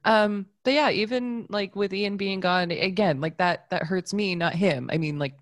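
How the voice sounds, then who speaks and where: A woman's voice: medium pitch, normal speed, dry recording, studio quality. A woman co-hosting a podcast in casual chat, hungover, talking loosely and laughing often. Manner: chatty, laughs often, self-deprecating. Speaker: podcast co-host.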